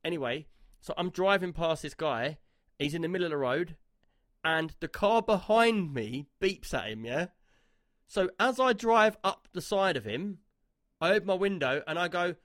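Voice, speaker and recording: A man hosting a podcast, retelling an argument in a lively, animated way. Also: on the high side, normal speed, no echo, studio quality. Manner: animated storyteller, retells quarrels loudly. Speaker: podcast host. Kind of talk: casual chat.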